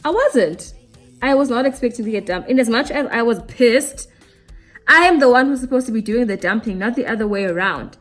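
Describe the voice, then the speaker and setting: A woman's voice: a little high, lively intonation, fairly quick, fairly bright tone, faint music behind. A young woman telling a candid storytime to her viewers while doing her makeup, casual and slangy. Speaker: beauty vlogger.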